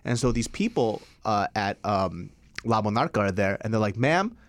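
A man's voice: lowish voice, normal speed, dry recording. A man telling a comic story on a podcast, laughing often and swearing freely. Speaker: podcast co-host. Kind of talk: casual comedic storytelling.

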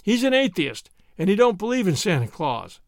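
A mock-grand Western camp man who puffs up his words in a florid, formal way , as a man reading the story puts him on. The voice sits fairly high with a lot of movement, and the recording is dry. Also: big pitch swings, moderate pace, no echo. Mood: explaining.

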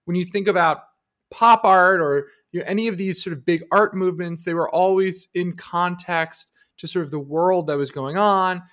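A man's voice: sits high, moderate pace, fairly bright tone. A man co-hosting an advice podcast, arguing his opinions emphatically in casual conversation. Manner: opinionated, emphatic, shifts pace often. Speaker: podcast co-host.

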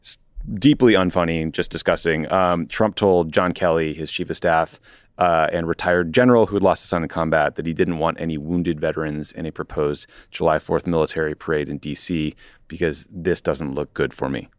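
A man's voice: rumbling low, steady tone, moderate pace, no room sound. A man co-hosting a political podcast in casual chat, dry and wry, reading excerpts aloud with short asides. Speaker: podcast co-host.

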